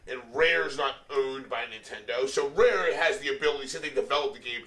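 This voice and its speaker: A man's voice: medium pitch, a little fast, bright, forceful tone. Tipsy swearing man in an echoey room. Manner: loose, rambling and heavy on profanity. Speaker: podcast co-host. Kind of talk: casual chat. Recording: echoey room, mic at a distance.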